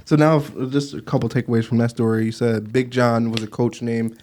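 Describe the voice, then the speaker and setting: A man hosting a casual podcast interview, with a voice of middling pitch. He mostly reacts in short bursts and asks easygoing follow-up questions. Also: fairly even intonation, fairly quick, a little mellow, a little hiss or hum. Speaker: podcast host.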